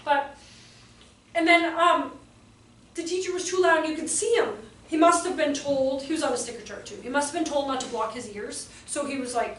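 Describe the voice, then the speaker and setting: A high-voiced woman educator tells classroom stories to a live audience, animated and slipping into children's voices. She sounds far from the mic in an echoey room, with a faint hiss under her voice. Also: normal speed. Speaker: educator giving a talk. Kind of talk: storytelling presentation to an audience.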